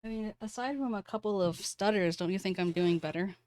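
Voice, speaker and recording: A woman streamer chatting casually with her viewers between game lines, self-deprecating and relaxed. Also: mid-range voice, brisk. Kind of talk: casual gaming stream chat. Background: game music.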